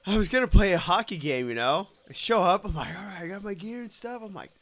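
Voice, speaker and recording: A podcast host with a high-sitting voice talks fast, telling stories in animated, casual chat and swearing freely.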